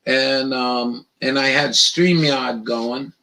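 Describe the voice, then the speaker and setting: A man hosting a casual live stream, rambling in a profane, halting way with lots of restarts. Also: mid-range voice, fairly even intonation, sharp tone, poor audio.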